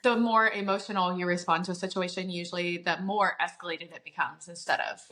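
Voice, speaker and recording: A woman co-hosting a casual chat, agreeable and quick to laugh. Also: lowish voice, steady tone, pushed and bright. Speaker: podcast co-host.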